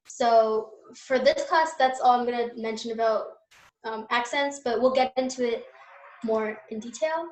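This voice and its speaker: A woman's voice: fairly high pitch, echoey room, poor audio. Patient young woman teaching Spanish. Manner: patient, explains step by step with fillers. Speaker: Spanish tutor. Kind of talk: online class teaching.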